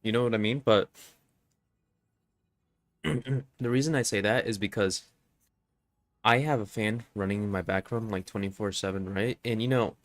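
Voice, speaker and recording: A man with a low, stuffed-up voice chats casually to his viewers while streaming a game. He rambles and leans on constant fillers, checking in with his audience after nearly every phrase. He talks into a desk microphone with a noise filter on. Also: no room sound. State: congested. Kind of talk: casual live-stream chat.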